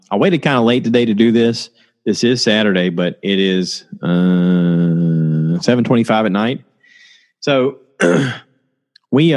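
A man's voice: fairly low pitch, a little mellow. A man hosting a casual solo podcast, telling stories in a rambling way and laughing often. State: tired, low on energy. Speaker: podcast host.

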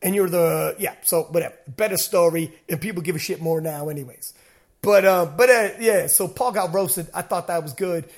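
Guy hosting a podcast, high voice, acts out what people said, swears a lot. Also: normal speed. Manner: animated storytelling, acts out shouted quotes; swears freely. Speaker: podcast host. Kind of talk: casual chat.

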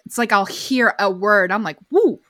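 A woman with a Southern US accent co-hosts a casual podcast, chatting and telling stories. Her voice sits in a middle pitch range. The sound is close and dry, with little room in it. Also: fairly even intonation, normal speed, sharp tone, no echo. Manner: chatty, storytelling, frequent agreeing fillers. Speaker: podcast co-host. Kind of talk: casual chat recapping a documentary.

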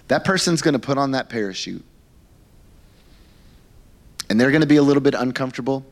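A male pastor preaching a sermon in an animated, conversational storytelling manner, with frequent fillers and repeated words. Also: medium pitch, fast talker, long pauses. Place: church.

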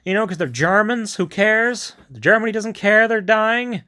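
A man's voice: high-pitched, measured pace, sharp tone, voice pushed up. A man voicing a gung-ho male army commander who gives a bloodthirsty pep talk in a raised, exaggerated voice. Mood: fired up.

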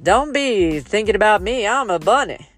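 A woman's voice: medium pitch, lively intonation, moderate pace, faint music behind, close to an everyday voice. A woman voicing a friendly male Easter bunny who talks in casual, slangy speech. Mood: earnest.

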